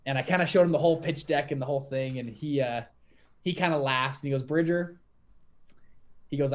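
A young man in his twenties, a podcast guest telling his story in a lively, quick, laughing way. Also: mid-range voice. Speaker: podcast guest, fund manager. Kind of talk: casual storytelling interview.

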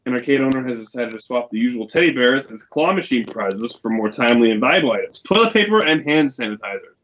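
A man hosting a podcast who reads out news stories in a relaxed, hesitant way, with fillers. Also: mid-range voice, fast talker, a little hiss or hum. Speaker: podcast host. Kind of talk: reading news stories aloud in a casual chat. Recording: dull, lo-fi recording.

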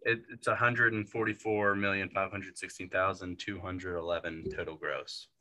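A man's voice: sits low, flat delivery, normal speed, pushed and bright. A man co-hosting a casual movie podcast, rambling with lots of fillers and restarts. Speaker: podcast co-host.

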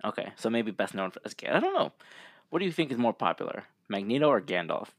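A man with a lowish voice in relaxed podcast chat. He reads out trivia in a laid-back way and laughs easily. The recording is dry and close. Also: fast, creaky, no room sound. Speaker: podcast co-host. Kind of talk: casual chat.

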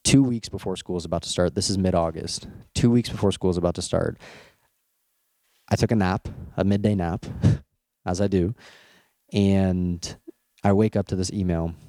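A young man from Canada, casually telling a personal story in a candid way, laughing often and repeating words when he gets excited. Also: low voice, normal speed, long pauses, no echo, clean studio sound.

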